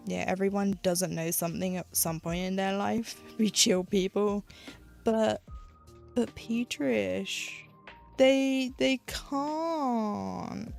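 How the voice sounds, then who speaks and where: Stitching at home while live-streaming, this UK woman with a British accent rambles to her audience, cracking jokes about herself and saying "like" a lot. She speaks slowly in a medium-pitched, gravelly voice, with soft music playing behind her.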